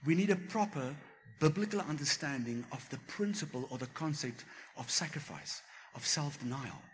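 Animated preacher. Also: male voice, fairly high pitch, normal speed, a little hiss or hum. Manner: animated storytelling, acts out quoted voices. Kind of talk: sermon with personal testimony. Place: church.

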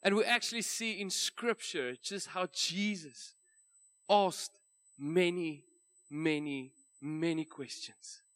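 Casting: South African male pastor, slightly higher voice, chatty sermon storyteller in a church. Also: slow pace, fairly bright tone. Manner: conversational storytelling, light laughs.

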